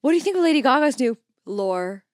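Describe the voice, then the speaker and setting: Giggly young woman podcast co-host, high voice. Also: sing-song, fast, dry recording, studio quality. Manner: playful, giggly, joking. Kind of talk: casual chat.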